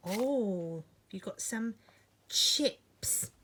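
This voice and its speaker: A woman runs a children's phonics lesson alongside a puppet, her voice rising and falling in wide, lively arcs. She speaks unhurriedly and lingers on each word. Her exclamations are big and showy, and she often sinks into a soft hush. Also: fairly high pitch, slow pace, a little hiss or hum. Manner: animated, exaggerated exclamations, drops to a hush at times.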